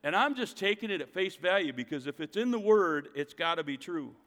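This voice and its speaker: A man preaching a sermon, leaning on his points and posing questions to the listeners. His voice sits somewhat high for a man. It rings with the long reverb of a large hall. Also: lively intonation, fairly quick, fairly bright tone. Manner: emphatic preaching, rhetorical questions. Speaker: pastor.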